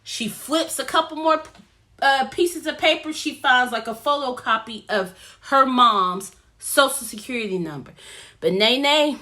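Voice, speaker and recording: Female vlogger, pitched a bit high, bright and chatty, animated as she recaps a film. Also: a little slow. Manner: animated, chatty storytelling that addresses viewers. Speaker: movie reviewer. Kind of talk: casual plot recap vlog.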